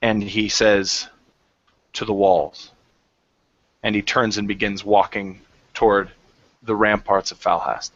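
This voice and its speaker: A man evenly describes his character's actions in a tabletop game. His voice is fairly low and flat. The audio is dry and slightly dull. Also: measured pace, dry recording. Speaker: player.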